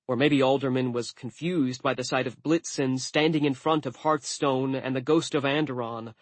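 A man narrating an audiobook in the first person with a wry, deadpan delivery. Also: medium pitch, no room sound.

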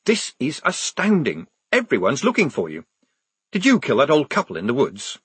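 A man voicing an eager young male writer who talks urgently and pleadingly, pitched up, with a husky tone. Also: huge pitch swings, moderate pace, fairly bright tone, dry recording, exaggerated voice.

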